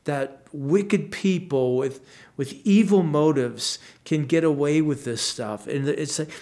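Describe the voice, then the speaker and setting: A male pastor giving an unhurried devotional Bible teaching. His voice sits a little high for a man, and he talks in an earnest, conversational way, often restarting phrases and tucking in quiet asides.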